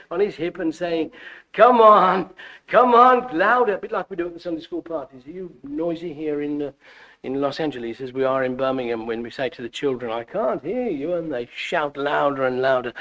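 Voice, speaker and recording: Animated preacher with sweeping pitch. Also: male voice. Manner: animated, wide swings in pitch and loudness, frequent stammered restarts. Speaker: visiting preacher. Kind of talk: sermon.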